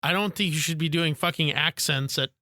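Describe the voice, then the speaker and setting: A man's voice: fairly high pitch, fairly quick, sharp tone, no room sound, clean studio sound. A man co-hosting a comedy podcast, blunt and exasperated, swearing at his friends. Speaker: podcast co-host.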